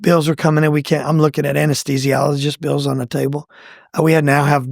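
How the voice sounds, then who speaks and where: Gravelly man telling a story. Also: quick pace, no echo, clean studio sound. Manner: animated, acts out quoted lines with pitch jumps. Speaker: guest telling his testimony. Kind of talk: conversational storytelling.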